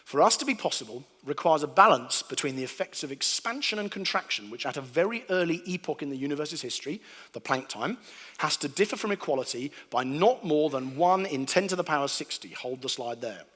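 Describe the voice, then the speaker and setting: Animated man preaching in a hall. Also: on the high side, brisk, breathy edge. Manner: animated storyteller, acting out sounds and voices. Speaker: preacher giving a talk. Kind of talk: humorous sermon to a live audience. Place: large hall before an audience.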